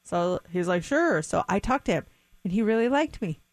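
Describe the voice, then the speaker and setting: A woman co-hosting a radio show, telling stories and reading news items in a chatty, lively way. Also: lowish voice, brisk, no echo. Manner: chatty storyteller, animated. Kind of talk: casual radio chat and news segment. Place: radio studio. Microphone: studio mic.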